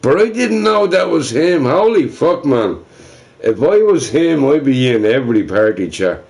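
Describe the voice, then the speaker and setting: Brief: male streamer, unhurried and rambling, pitch swings a lot, swears constantly, self-deprecating. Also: sing-song, gravelly, darkish tone. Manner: rambling, profane, self-mocking, laughing between remarks. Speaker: livestreamer. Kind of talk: casual livestream chatter.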